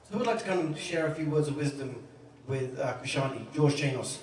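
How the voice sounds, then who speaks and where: A man's voice: a little high, fairly quick. A man emceeing speeches at a home party, rambling and self-mocking with lots of fillers. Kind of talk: casual speech introducing speakers. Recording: roomy, distant, faint noise.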